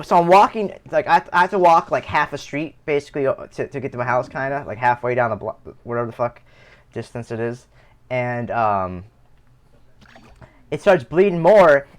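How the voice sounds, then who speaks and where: A man's voice: a little high, a bit bright. Swearing male streamer telling a story. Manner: rambling, heavy swearing, lots of restarts. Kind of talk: casual storytelling.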